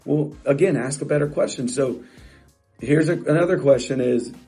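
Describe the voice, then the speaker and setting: Husky fairly high voiced guy giving a pumped up coaching talk, repeats himself a lot, soft music behind. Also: normal speed. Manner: emphatic, repeats phrases, frequent restarts. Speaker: real estate coach. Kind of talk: motivational talk to camera.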